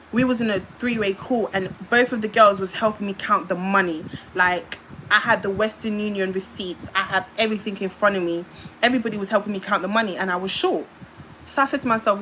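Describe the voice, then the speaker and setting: A woman's voice: medium pitch, a bit bright, slight background noise, low-quality recording. A young British woman from the UK telling a long, rambling story on a livestream, speaking into her phone and filling gaps with repeated filler sounds. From United Kingdom.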